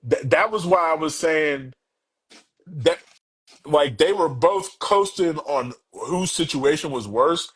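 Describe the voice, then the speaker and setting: A man with a slightly high, husky voice talks in a podcast studio. He is animated and lays out his points in long, flowing runs with quick asides. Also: low-quality recording. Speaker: podcast guest. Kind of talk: casual podcast discussion.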